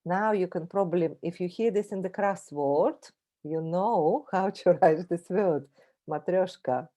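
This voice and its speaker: A woman from Russia with a Russian accent, giving a friendly travel presentation that includes a short language lesson, repeating words slowly for the audience to copy. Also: lowish voice, warm tone.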